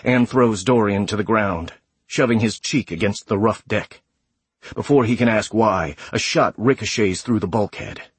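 Guy narrating a dark audiobook, husky low voice, steady and measured, dry close sound. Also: dry recording. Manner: measured, dark, graphic storytelling.

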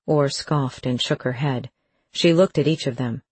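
A narrator reading a crime novel as an audiobook, with even, measured storytelling. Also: mid-range voice, breathy edge, no room sound.

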